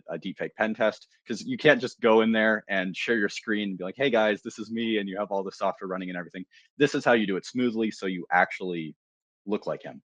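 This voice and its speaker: A man's voice: deep voice, a bit bright, dry recording. A man presenting a security tool in a live technical demo, talking casually with fillers and restarts.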